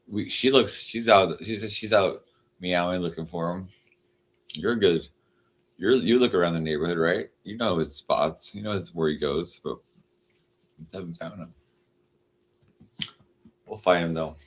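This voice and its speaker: A man's voice: sits low, sing-song, moderate pace, long pauses, noisy background. A man chatting casually on a livestream, meandering and full of fillers, now and then cooing at his cat. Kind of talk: casual rambling livestream chat.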